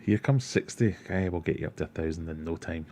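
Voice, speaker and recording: Guy, low voice, chill rambly livestream chat reading out comments. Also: quick pace, a little hiss or hum. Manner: relaxed, rambling, reads chat comments aloud, joking. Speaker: aquarium livestream host.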